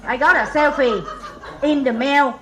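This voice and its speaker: A high-voiced woman from Vietnam with a Vietnamese accent delivers slow one-liners in a stand-up set. She often chuckles at her own jokes, and a loud, laughing club crowd answers her. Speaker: stand-up comedian.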